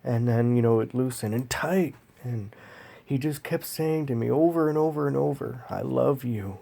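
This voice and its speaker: A man vlogging a personal story in a slow, halting, emotional way, pausing often. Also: medium pitch, gravelly, mellow.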